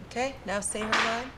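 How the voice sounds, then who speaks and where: A woman poetry coach giving direct, demanding instructions in rehearsal. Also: on the high side. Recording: noisy room, mic from afar.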